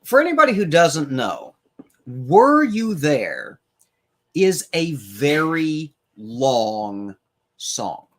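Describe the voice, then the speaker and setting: Co-host with a wry, unhurried delivery and a voice that rises and falls a lot. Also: mid-range voice, sing-song. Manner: wry, profane storytelling. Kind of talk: casual chat.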